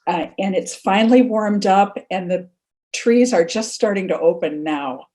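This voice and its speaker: A woman's voice: mid-range voice, measured pace, mellow. A woman introducing herself to a group in a plain, friendly way.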